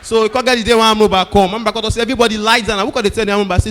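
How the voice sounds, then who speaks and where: A male stand-up comedian with a Nigerian Pidgin accent tells stories loudly and acts out the people in them. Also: high-pitched, racing, few pauses, long reverb tail. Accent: Nigerian Pidgin English. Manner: loud animated storytelling, acting out characters.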